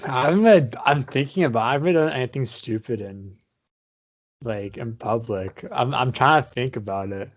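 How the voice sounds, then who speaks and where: A man's voice: mid-range voice, normal speed, no room sound, studio quality. A man in casual podcast chat, hesitant and rambling, swearing often.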